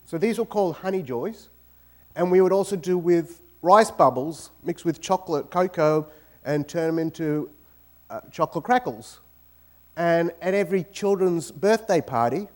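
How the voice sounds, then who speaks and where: Brief: Australian man, guest speaker in an auditorium, fairly high voice, animated and jokey. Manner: joking, animated storytelling. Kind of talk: lively talk to an audience. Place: university auditorium.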